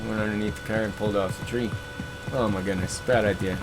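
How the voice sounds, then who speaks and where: A man's voice: fairly low pitch, steady tone, fast talker, soft background music. A man hosting a gaming livestream, chatting casually and telling stories in a laid-back, chuckling way. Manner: laid-back, chuckling storyteller who slips into voices for quoted friends. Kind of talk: casual chat, storytelling between reading chat comments.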